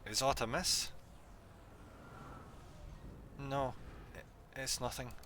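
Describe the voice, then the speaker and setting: A man's voice: medium pitch, fairly even intonation, unhurried, noisy background. A man streaming a video game, reacting in offhand muttered asides. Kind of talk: casual gameplay commentary. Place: at home during a live stream.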